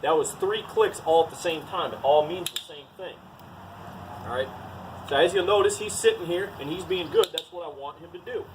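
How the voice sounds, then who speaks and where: A man with a voice a little higher than most talks through a dog training routine. He is plain-spoken and direct, and keeps saying "all right" between steps. Outdoor hum and passing traffic can be heard clearly behind him. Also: normal speed, recorded from a distance. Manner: plain, to-the-point, says "all right" often. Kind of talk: casual outdoor training demo.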